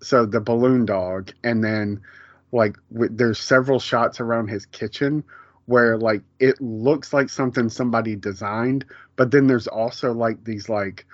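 A man's voice: mid-range voice, fairly even intonation, unhurried, dry recording. Man, podcast co-host, casual rambling chat, muffled dry recording. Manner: rambling, many fillers and restarts.

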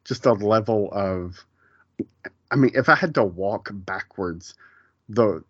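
A man's voice: lowish voice, slow pace, a bit bright, dry recording, highs cut off. A man in his forties co-hosting a podcast, talking casually and rambling, often breaking off mid-sentence and laughing at his own retellings. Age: 40s. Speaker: podcast co-host. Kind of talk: casual chat.

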